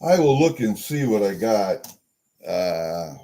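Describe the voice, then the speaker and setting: A man's voice: on the low side, big pitch swings, slow pace, dark tone. A man casually showing and talking through coins from a package he just opened, chatty and easily delighted, muttering to himself. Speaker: coin collecting vlogger. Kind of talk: casual unboxing talk.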